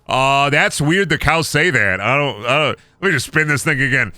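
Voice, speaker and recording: A man's voice: medium pitch, expressive, normal speed, hardly any pauses, bright, forceful tone, no echo. A young man streaming a game, rambling through goofy jokes, swearing, and chatting with his audience. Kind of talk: casual game-stream commentary.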